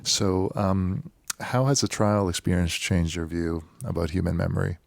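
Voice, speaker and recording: Gravelly very deep-voiced man host. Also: steady tone, moderate pace, no room sound. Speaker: podcast host. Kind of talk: interview questions.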